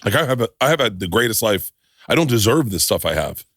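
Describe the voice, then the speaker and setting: A middle-aged man hosting a podcast, chatting casually and telling stories with lots of swearing and quick restarts. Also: lowish voice, sing-song, a bit bright, no echo, clean studio sound. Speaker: podcast host. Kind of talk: casual chat.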